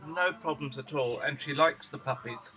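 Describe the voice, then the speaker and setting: A man at home showing off his dogs, switching into high cooing baby talk whenever he speaks to them. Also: moderate pace, pushed and bright, faint music behind, rough recording. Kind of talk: casual home video chat.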